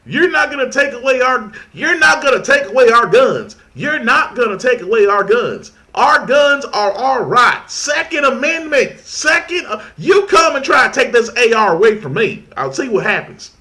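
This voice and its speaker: A man voicing a defiant gun enthusiast in a put-on American country accent, shouting. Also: extremely high pitch, big pitch swings, moderate pace, few pauses, voice pushed up, full character voice.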